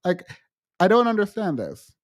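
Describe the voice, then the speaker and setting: A man hosting a livestream, talking frankly to his chat in halting restarts and growing emphatic when he quotes others. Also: high-pitched, huge pitch swings. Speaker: livestream host. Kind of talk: livestream chat answering viewers.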